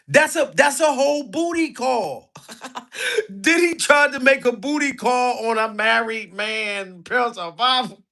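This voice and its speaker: A man giving mocking, animated comic commentary on a clip and pushing viewers to like the video. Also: sits high. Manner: animated, mocking, begs for likes. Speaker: commentary vlogger.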